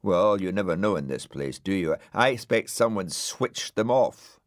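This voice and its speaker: A man's voice: sits low, expressive, normal speed, dry recording, clean studio sound. A man voicing a grumpy, pompous male dog in a storybook, sulky and indignant. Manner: indignant, sulky, grandly aggrieved. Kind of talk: audiobook character voice.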